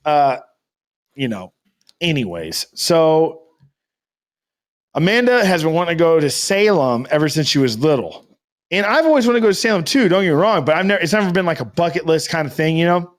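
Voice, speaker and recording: A man's voice: fairly high pitch, sing-song, brisk. A man co-hosting a podcast, rambling through a casual story with loose swearing. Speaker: podcast co-host. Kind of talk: casual chat.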